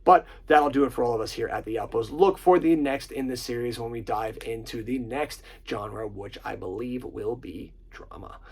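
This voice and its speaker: A man's voice: mid-range voice, normal speed, hardly any pauses, low-quality recording. A man hosting a casual movie countdown, swearing often and gushing about his favorite comedies. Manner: profane, enthusiastic, quotes lines in put-on voices. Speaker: host.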